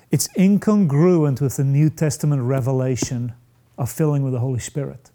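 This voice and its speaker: A man preaching a sermon, slow and emphatic, with dramatic pauses and rising peaks. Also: mid-range voice, steady tone, warm tone.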